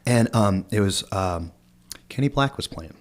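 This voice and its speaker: Low-voiced rambling man telling a story. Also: animated, unhurried. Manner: rambling storyteller, many fillers and restarts. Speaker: podcast co-host. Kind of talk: casual chat among friends.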